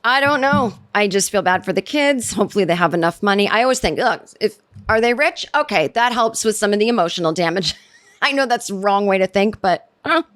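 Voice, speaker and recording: A woman's voice: medium pitch, lively intonation, a little fast, fairly bright tone. A middle-aged woman hosting a solo comedy podcast, talking in a sardonic, rambling way that keeps interrupting itself. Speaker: podcast host.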